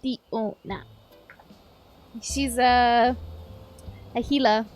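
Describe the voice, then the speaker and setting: A woman's voice: a little high, steady tone, extremely slow, soft background music. A woman live streaming a game, chatting casually and playfully with her viewers and swearing now and then. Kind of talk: casual live-stream chat while gaming.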